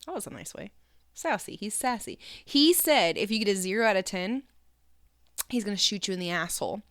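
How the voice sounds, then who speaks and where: A young woman, a mother, chatting with her sister on a podcast and telling animated stories with lots of giggling. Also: medium pitch, a little fast, no room sound, clean studio sound. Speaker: guest, host's sister. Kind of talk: casual chat.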